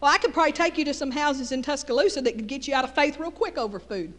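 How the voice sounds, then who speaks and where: A woman's voice: sits high, quick pace, fairly bright tone, in a large hall. A middle-aged woman with a Texas Southern accent, preaching a folksy sermon with call-and-response asides.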